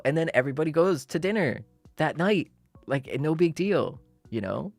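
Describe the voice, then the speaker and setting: A man's voice: fairly high pitch, lively intonation, normal speed, gravelly, no room sound. Rambling young man chatting over faint music. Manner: rambling, playfully melodramatic, many fillers. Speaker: streamer. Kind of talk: casual chat to viewers.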